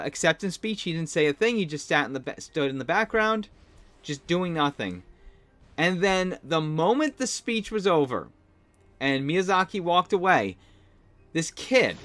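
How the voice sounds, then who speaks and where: Male podcast host, slightly high voice, excitable and laughing, just getting over a cold. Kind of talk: casual solo podcast commentary.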